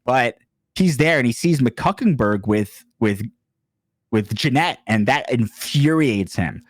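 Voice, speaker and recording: A man's voice: mid-range voice, lively intonation, takes it slowly, no echo. Rambling man spinning an absurd tale. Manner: rambling absurd storyteller, putting on voices for characters. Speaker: podcast co-host. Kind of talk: casual comedic storytelling.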